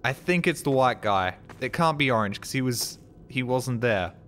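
A man's voice: medium pitch, lively intonation, moderate pace, a bit bright, slight background noise. A man streaming a game, talking casually and at length in a rambling, puzzled way, swearing freely as he plays. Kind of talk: casual live gameplay commentary.

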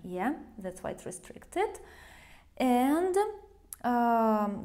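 A woman teaching a language with a Russian accent, explaining grammar slowly and patiently and often checking understanding with a questioning "yeah?". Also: on the high side, warm tone. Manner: slow, patient, repeats phrases, asks "yeah?" to check understanding.

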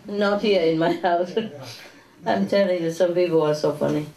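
Unhurried and a little mellow, this medium-pitched woman's voice carries an informal spiritual talk to an audience. She chats along with chuckles and "you know"-style tag questions, recorded from a distance in an echoey hall with faint noise.

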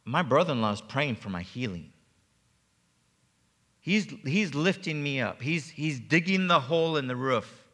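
A man's voice: medium pitch, expressive, unhurried, pushed and bright. A man preaching a sermon as pastor, telling a personal testimony with emotion and stumbling repeats. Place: church sanctuary. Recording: long reverb of a church hall.

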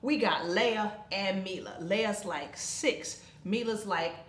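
A woman, co-hosting a faith and family talk show and telling a story with animated, dramatic flair. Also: mid-range voice, slow. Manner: animated, dramatic retelling with loud shrieks. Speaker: podcast co-host. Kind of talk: casual storytelling. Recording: echoey room.

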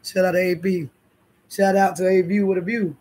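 The speaker is a woman running a YouTube channel, speaking to viewers and others head-on with blunt, profane language. Her dark-toned, lowish voice stays fairly flat in pitch and moves at a moderate pace.

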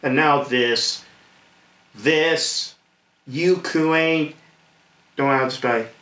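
A man hosting a rambling commentary to camera, excited and repetitive, laughing often and stumbling over names. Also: fairly high pitch, very slow. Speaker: host. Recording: echoey room.

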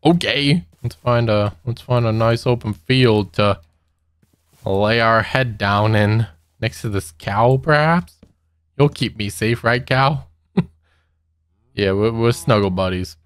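A man's voice: medium pitch, slow pace, smooth, no echo, studio quality. A young man giving casual let's-play commentary, nervous and giggly, talking to the monsters he meets. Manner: nervous, giggly, talks to mobs. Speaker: gaming youtuber.

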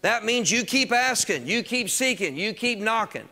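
A man preaching a sermon as pastor, emphatic and conversational, talking straight to the congregation and rising to shouts on key phrases. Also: high-pitched, lively intonation, moderate pace, vocal fry.

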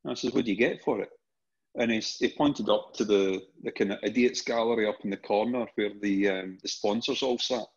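A middle-aged Scottish podcast guest tells stories briskly in a fairly low, husky voice. He's animated and casual, with frequent restarts and repeated words, and the recording is dull, lo-fi podcast audio.

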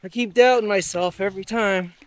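Out on a river in his kayak, a vlogger preparing for a river race talks in a high-pitched, brisk voice. He chats casually and thinks out loud, wandering off into plenty of asides and filler words as he paddles.

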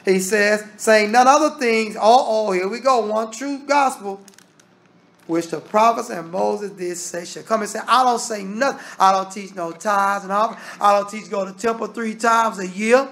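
A man's voice: sits high, moderate pace, a bit bright. A man teaching a Bible study. He reads scripture aloud and explains it in plain, casual talk. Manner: casual Southern American grammar.

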